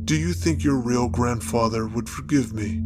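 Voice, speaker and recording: A man playing an elderly grandfather with a guilty secret, speaking slowly and wearily in a dramatized story with music behind. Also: mid-range voice, natural voice. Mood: confessional. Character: old dying grandfather, ex-SS officer in disguise. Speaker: narrated figure.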